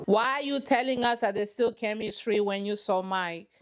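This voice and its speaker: A woman's voice: mid-range voice, moderate pace. A woman hosting a reaction channel, giving sassy, dramatic running commentary on a reality show from her couch at home.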